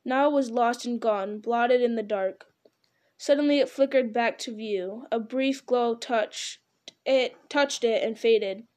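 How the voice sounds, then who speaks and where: Lady reading a story out loud, measured, dramatic, a little high. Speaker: narrator. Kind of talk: audiobook reading.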